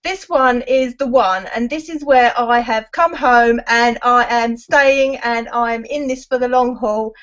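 Excited high-voiced woman. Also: unhurried, few pauses. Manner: excited, gushing. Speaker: guest marketer. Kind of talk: casual online hangout chat. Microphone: video call. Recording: dull lo-fi web call audio.

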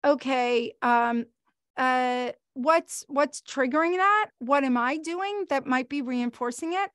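Middle-aged woman trainer, high bright voice, lively webinar presenter, dry close sound, no room echo. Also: clear, resonant tone. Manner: chatty and animated, talks fast with fillers. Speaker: pet trainer. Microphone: video call.

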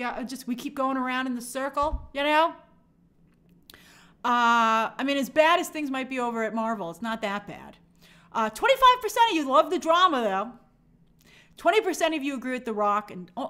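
A woman hosting a movie news live stream, giving sarcastic, animated commentary and reading viewer comments aloud. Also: on the high side. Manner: animated, sarcastic, acts out quoted reactions.

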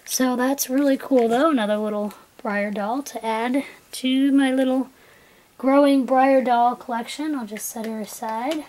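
A young woman filming an excited unboxing vlog at home, gushing with breathless exclamations. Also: sits high, measured pace, poor audio. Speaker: toy collector vlogger.

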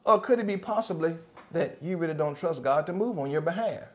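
A man preaching a sermon and leading prayer as a pastor, with a folksy, repetitive cadence that rises to loud, passionate exhortation. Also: a little high, animated, fairly quick. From United States.

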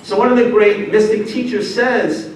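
Guy giving a motivational talk, lively storyteller who asks the crowd questions, fairly high voice, super echoey hall, mic far off. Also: normal speed, slight background noise. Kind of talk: motivational lecture with stories. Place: large hall before an audience.

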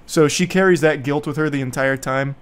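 A man's voice: on the high side, fairly quick, smooth. A young man giving casual, sarcastic movie commentary in a rambling, mocking way. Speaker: YouTube commentator.

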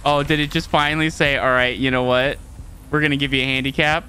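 A streamer giving live gameplay commentary, excitable, laughing often, swearing and talking to chat. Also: medium pitch, fast talker, a little hiss or hum.

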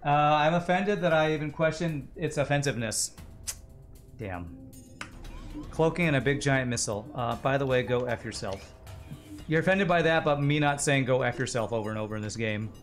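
A man's voice: medium pitch, normal speed, soft background music. A man streaming a game live, rambling and joking with frequent swearing. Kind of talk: live gaming commentary.

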